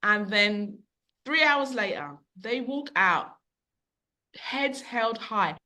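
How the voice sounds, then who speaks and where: Bookshop owner lady on a podcast, bright clear voice, rambles into long lively stories. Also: fairly high pitch, slow. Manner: animated, long-winded storyteller who acts out quotes. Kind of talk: conversational storytelling.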